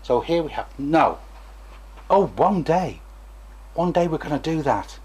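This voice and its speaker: Chatty, husky-voiced man teaching. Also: on the high side, very animated, a little slow, darkish tone. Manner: chatty, digressive, self-mocking, acts out examples. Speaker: former stammering therapist, video presenter. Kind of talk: informal talk to camera.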